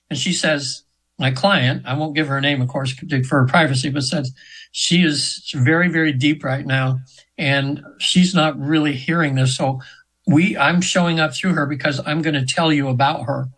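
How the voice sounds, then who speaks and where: A hypnotherapist in his seventies tells a story as an interview guest, earnest and rambling, restarting his sentences many times. His voice is fairly high with a fairly bright tone, and the recording is rough.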